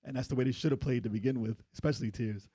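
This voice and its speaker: A man talks through gaming news in loose, rambling podcast chat. His voice is slightly husky and sits in a middle register. The sound is dry and close. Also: mid-range voice, very fast, warm tone, no echo. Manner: rambling, restarts and fillers while explaining. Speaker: podcast co-host. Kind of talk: casual chat.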